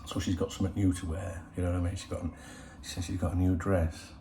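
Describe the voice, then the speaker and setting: A man's voice: low-pitched, little pitch movement, fast, gravelly, noisy background. A middle-aged man hosting a football channel, chatting casually in a rambling, cheeky way full of swearing. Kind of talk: casual chat. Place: in Spain.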